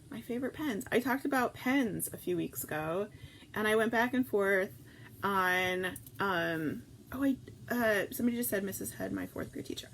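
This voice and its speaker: A woman hosts a relaxed morning livestream, rambling and effusive as she reads viewer comments aloud. Her mid-pitched voice has a gravelly fry. Faint noise sits under the recording. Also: rough recording. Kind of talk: casual chat reading viewer comments.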